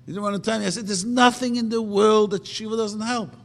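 A man preaching a sermon emphatically, asking rhetorical questions and slowly chanting verses. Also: high voice, steady tone, creaky. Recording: long reverb of a hall.

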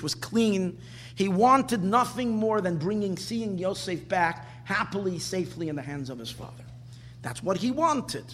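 A man giving an animated Torah class, driving his points home with rhetorical questions and repeated phrases. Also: high-pitched, breathy edge. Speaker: Torah teacher.

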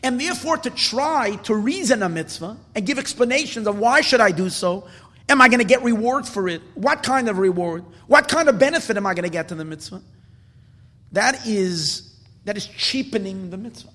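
A man teaches a spoken Torah class in an earnest, emphatic manner, often repeating words as he explains. His voice sits high and sounds pushed and bright, animated at a moderate pace, and the recording carries a long hall reverb.

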